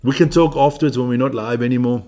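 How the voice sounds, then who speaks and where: A man's voice: medium pitch, fairly even intonation, fast, dark tone. A man hosting a live stream as he watches a rugby match, joking, swearing and chatting with viewers and with people in the room. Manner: brash, profane, joking banter.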